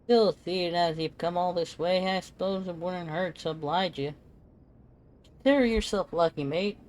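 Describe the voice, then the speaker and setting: A streamer doing a boastful gruff old mercenary. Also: mid-range voice, normal speed, a little mellow, voice pushed up, natural voice. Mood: gruff, taunting. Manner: swaggering, taunting, folksy slang. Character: boastful gruff retired male mercenary, miller.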